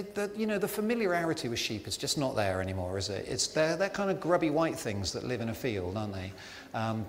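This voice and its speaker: Guy preaching, chatty and joking, lots of ums, echoey church hall, bit of room hum. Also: mid-range voice. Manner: chatty and self-deprecating, many fillers. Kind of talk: conversational sermon. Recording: reverberant hall with faint ambience.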